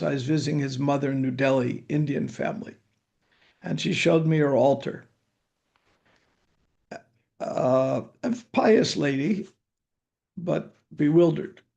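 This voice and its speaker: A man's voice: on the high side, creaky, a little mellow. An older man giving a scripture lecture, telling anecdotes in a conversational way with dry humor. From United States. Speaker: spiritual teacher giving scripture class.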